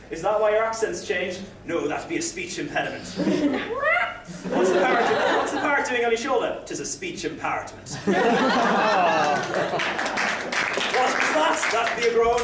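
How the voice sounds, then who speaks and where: A man's voice: high-pitched, far from the mic. A young man doing a stand-up set at an open mic night, rambling and self-deprecating with the odd swear. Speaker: stand-up comedian. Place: open mic comedy night, indoor room. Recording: echoey room recorded from afar, noisy.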